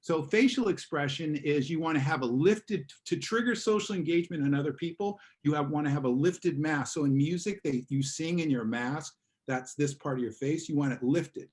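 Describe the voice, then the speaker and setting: A man's voice: a little high, moderate pace, few pauses, a little mellow. A man teaching an online class in a casual way, acting out examples as he explains. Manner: casual, acts out examples in voices. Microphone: video call.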